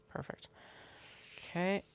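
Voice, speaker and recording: A craft maker chatting casually on a livestream, muttering to themself and counting pieces aloud while working. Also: a little hiss or hum.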